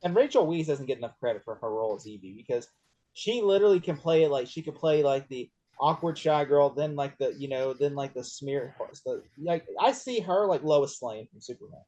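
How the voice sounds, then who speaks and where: A man chatting casually about a movie, rambling with lots of fillers and getting excited as he retells scenes. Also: medium pitch, brisk. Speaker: podcast co-host.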